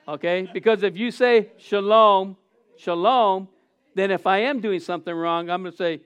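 A pastor preaching an animated sermon, calling on the congregation to answer and repeat after him. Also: male voice, high-pitched, moderate pace, clean tone.

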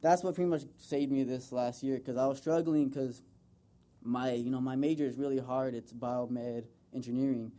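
In front of a group, a young American man delivers a sincere but meandering informal speech honoring his mother, filled with fillers. His voice is mid-range and dark in tone, steady, and paced moderately.

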